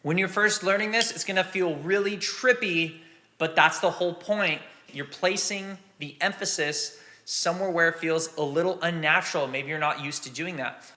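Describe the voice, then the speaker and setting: A man's voice: fairly high pitch, normal speed, bright, forceful tone. A man explaining drum exercises patiently and counting beats aloud as a teacher. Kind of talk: instructional drum lesson.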